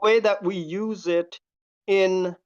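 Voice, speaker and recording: A caller speaks very slowly, in halting, hesitant questions full of fillers and restarts. The audio is dull and lo-fi, like a muffled call line. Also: medium pitch, fairly even intonation. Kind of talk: casual debate on a live call.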